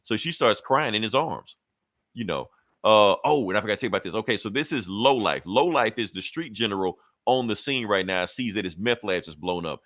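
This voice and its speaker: Man, podcast co-host, low voice, dry close sound, rambling profane recap. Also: expressive, a little fast, fairly bright tone, no echo. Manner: loose, profane, rambling storytelling. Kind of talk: casual comic recap.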